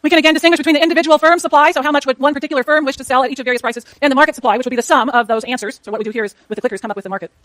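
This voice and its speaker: A woman lecturing a university economics class, rushing through clicker questions and talking to herself as she works her slides. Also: high voice, steady tone, a bit bright, no echo. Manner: rapid, chatty, self-talk while working slides. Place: lecture hall.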